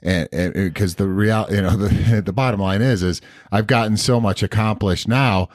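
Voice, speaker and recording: A tired man co-hosting a podcast, talking in a rambling, halting way with many restarts. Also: fairly low pitch, no echo, clean studio sound. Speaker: podcast co-host. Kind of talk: casual podcast conversation.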